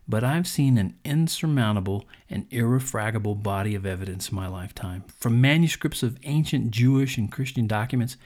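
A man's voice: mid-range voice, a little mellow. Earnest man hosting a faith podcast. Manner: earnest, conversational preaching with fillers. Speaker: podcast host. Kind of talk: devotional podcast monologue.

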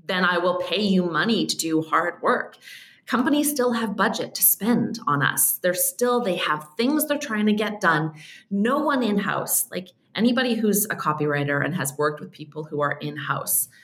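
A woman, a podcast guest, telling stories in a casual chat, animated and quick, often saying "like" and "um". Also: lowish voice, roomy sound. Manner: animated, quick storytelling with frequent "like" and "um".

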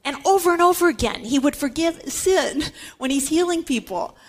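A woman's voice: high voice, expressive, normal speed. A woman giving a Catholic Bible teaching talk, emphatic and repeating words for stress.

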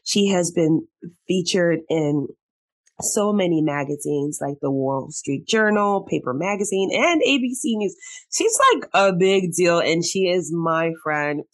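A woman hosting a podcast, chatting casually with a guest, bubbly and quick to laugh, sometimes getting emotional. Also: lowish voice, animated. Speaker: podcast host. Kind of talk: casual interview chat.

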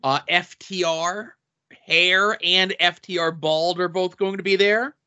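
A bright, fairly high-voiced man co-hosts a casual podcast and works through long guest lists with deadpan asides. His voice comes through dull, lo-fi audio. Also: unhurried, clean tone. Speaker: podcast co-host.

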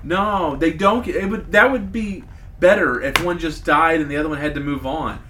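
A man's voice: a little high, moderate pace, background noise. Chatty thirtysomething male podcast host. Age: 30s. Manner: rambling and chatty, self-mocking about getting choked up. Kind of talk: casual chat.

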